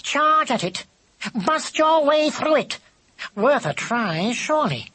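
A man's voice: very high voice, big pitch swings, slow, pushed and bright, pitched above the performer's own voice, exaggerated voice, poor audio. A man voicing a wry, sly male cat who drawls and teases in an audiobook. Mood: teasing. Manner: drawling, mocking, musing. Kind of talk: audiobook character voice.

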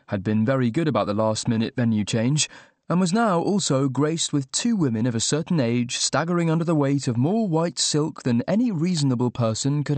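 A man's voice: mid-range voice, darkish tone, no room sound. Guy reading a funny audiobook, wry tone, dead dry sound. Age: young adult. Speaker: audiobook narrator. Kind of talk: first-person audiobook narration.

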